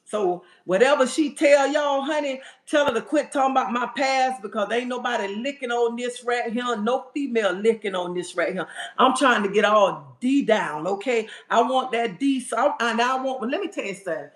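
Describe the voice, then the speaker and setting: With a very high, fairly bright voice at a normal speed, this man sasses his livestream audience, calling them "honey" and asking "okay?" as he rants emphatically. Roomy echo colors the sound.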